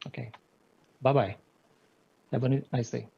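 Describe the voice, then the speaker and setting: A man defending himself at a hearing, talking in a halting, hesitant, polite way over a video call. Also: mid-range voice, fairly even intonation, creaky, breathy edge, highs cut off. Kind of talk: hearing testimony.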